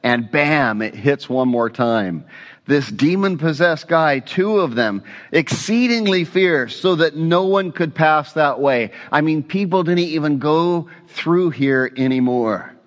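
Guy pastor preaching slow, kinda high voice, chatty, asks the room stuff. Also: expressive, long reverb tail, muffled recording. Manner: conversational, asks the congregation questions. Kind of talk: expository sermon.

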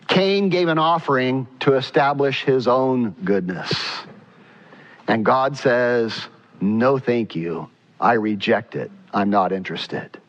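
A man's voice: fairly high pitch, a bit bright, lo-fi sound. A man preaching a sermon as pastor, emphatic, now and then acting out quotes.

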